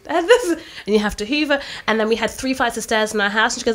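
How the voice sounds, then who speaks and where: A lively young woman with a high voice that swings all over as she acts out stories. She co-hosts a relaxed podcast chat and keeps breaking into laughter. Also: fast, hardly any pauses. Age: 20s. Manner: animated storyteller, acts out her mum, laughs often. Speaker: podcast co-host. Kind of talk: casual chat.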